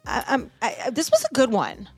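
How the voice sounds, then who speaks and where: A woman hosting a podcast in casual chat, bubbly and animated, swearing freely. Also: sits high, brisk, husky, no echo, faint music behind. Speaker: podcast host.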